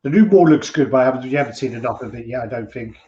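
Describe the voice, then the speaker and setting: A man's voice: mid-range voice, very fast, dark tone. Male co-host, loose swearing banter, muffled roomy stream sound. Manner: rambling, swearing, joke-telling. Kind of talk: casual livestream chat.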